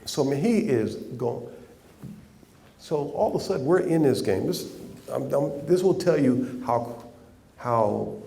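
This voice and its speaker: A man telling an animated story as an interview guest, acting out the other voices and breaking into laughter. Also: mid-range voice, vocal fry. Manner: animated anecdote with quoted voices, laughing, restarts.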